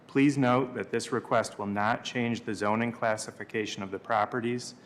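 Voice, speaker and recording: A board member, a man, reading a formal application notice aloud in a measured way, stumbling now and then. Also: mid-range voice, fairly even intonation, a little hiss or hum.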